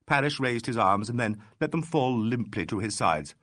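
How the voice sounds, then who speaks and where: A man narrating a classic mystery audiobook with expressive, varied delivery. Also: mid-range voice, normal speed, no room sound.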